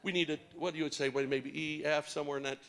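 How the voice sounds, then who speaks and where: High-voiced man teasing his congregation. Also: steady tone, very fast, gravelly, fairly bright tone. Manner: teasing, coaxing the crowd with playful jokes. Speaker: preacher leading a congregation. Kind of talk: lively interactive church talk.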